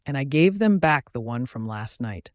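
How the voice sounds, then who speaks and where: A man reading first-person audiobook narration in a steady storytelling voice. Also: medium pitch, normal speed, no room sound, clean studio sound.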